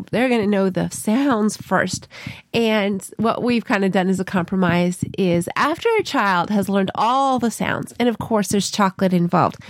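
This woman co-hosts a podcast, and her medium-pitched voice is recorded with no room sound. She talks casually about her teaching methods, chatting away and illustrating them with playful little stories.

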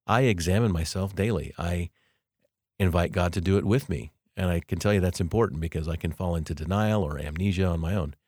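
Slow, deep-voiced man hosting a devotional podcast. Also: dry recording, clean studio sound. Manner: slow, deliberate, emphatic phrasing. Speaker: podcast host. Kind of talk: reflective devotional monologue.

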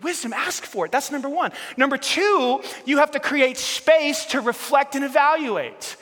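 A man's voice: very high voice, normal speed, few pauses, a bit bright. A pastor preaching a sermon, emphatic and repetitive, calling on his congregation to join in. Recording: long hall reverb.

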